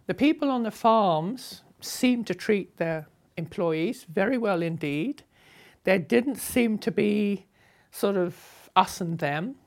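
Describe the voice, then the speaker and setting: An older woman from Sussex, chatting through memories of her travels with frequent laughs. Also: lowish voice. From England (Sussex). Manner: chatty, anecdotal, laughs often between phrases. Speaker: traveller recounting her journey. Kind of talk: conversational travel memoir.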